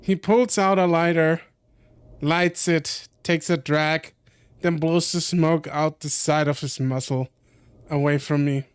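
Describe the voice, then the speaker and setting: A young man streaming, reading a visual novel aloud with commentary, slowly and often correcting himself. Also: fairly high pitch, fairly even intonation, clean tone, no room sound. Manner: slow reading with frequent self-corrections.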